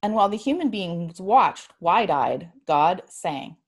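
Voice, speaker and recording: A woman reading a story aloud in a measured storytelling manner. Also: fairly low pitch, very animated, breathy edge.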